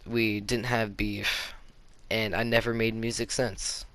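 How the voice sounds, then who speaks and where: A man's voice: fairly low pitch, little pitch movement, slow, fairly bright tone, clear, resonant tone, no room sound. A teenage boy telling a casual story-time tale to his viewers, rambling with lots of "like" fillers. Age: teens. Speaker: YouTuber.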